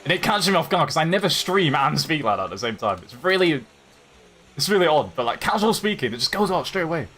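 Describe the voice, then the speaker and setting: A young man hosting a live stream from Yorkshire, England, talks fast in a fairly high, sharp-toned voice that is very animated. With his light Yorkshire accent, he chats casually, reads chat aloud, and laughs frequently as he rambles on.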